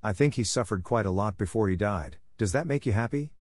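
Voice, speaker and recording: A man reading the lines of a calm woman who runs a gallery and explains things in a measured way. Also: fairly low pitch, no room sound, studio quality, close to an everyday voice.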